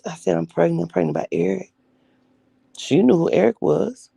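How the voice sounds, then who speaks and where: Woman, young adult, gravelly and dark-toned; blunt, profane personal storytelling. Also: lowish voice, moderate pace, long pauses, no room sound. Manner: blunt, profane, acts out quoted voices. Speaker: vlogger telling her life story.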